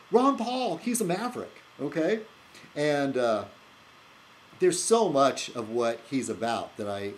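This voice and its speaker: A man's voice: mid-range voice, a little hiss or hum, rough recording. A man hosting his own video blog, talking in a loose, rambling way with many fillers and restarts. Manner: animated, laughs at his own jokes. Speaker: video blogger. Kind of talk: casual rambling monologue.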